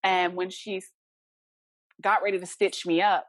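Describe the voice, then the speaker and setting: A woman guest in an interview, telling a personal story in a casual, animated way and acting out the people in it. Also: medium pitch, a little slow, dry recording. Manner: animated, acts out dialogue in her story.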